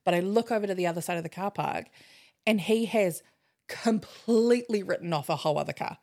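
Young aussie woman co-hosting a podcast, bit of vocal fry, swears a lot, gets really animated telling a story. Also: on the low side, brisk. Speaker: podcast co-host. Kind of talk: casual chat, storytelling.

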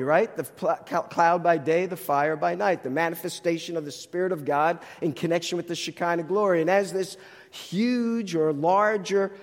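A man with a New Jersey accent delivers a teaching sermon, working through the text and posing rhetorical questions. His voice sits high for a man. The sound carries the long reverb of a large hall. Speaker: Bible teacher.

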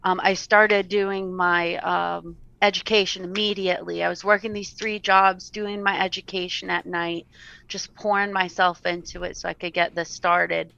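A woman's voice: fairly low pitch, level tone, vocal fry, sharp tone, dry recording, highs cut off. A woman telling her personal story as an interview guest, earnest and sometimes close to tears. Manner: earnest, tearful at times, quick laughs.

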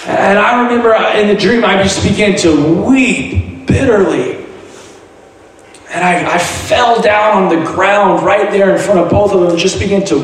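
Man, faith testimony, earnest and halting, slightly high voice, very echoey room, distant mic. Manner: earnest, halting storytelling with frequent restarts. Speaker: guest sharing testimony. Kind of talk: personal testimony. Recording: very echoey room, heard from a distance, light noise.

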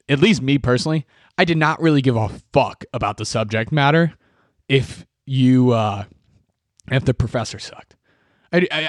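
A man's voice: a little high, no room sound, studio quality. A young man hosting a solo podcast, ranting in a rambling way and swearing often. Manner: profane, rambling and ranty. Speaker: podcast host. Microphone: podcast microphone.

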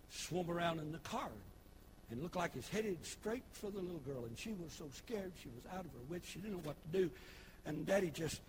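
A man preaching a sermon, folksy storytelling that builds into shouted preaching. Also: fairly high pitch, noisy background. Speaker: pastor. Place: church.

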